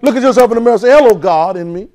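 A man preaching a sermon in call-and-response, swinging from loud urging to soft, hushed lines. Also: high-pitched, racing. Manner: swings from loud exhortation to soft near-whispers.

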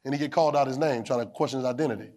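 Speaking rapid-fire at medium pitch, a male preacher gives a call-and-response sermon. He echoes his own phrases, checks whether the room hears him, and works up to shouting.

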